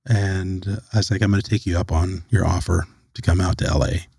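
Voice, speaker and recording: A man's voice: sits low, a little fast, vocal fry, husky, dry recording. A middle-aged man from the United States, a podcast guest recounting a personal story and acting out the lines of the people in it. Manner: animated storyteller who acts out quoted dialogue.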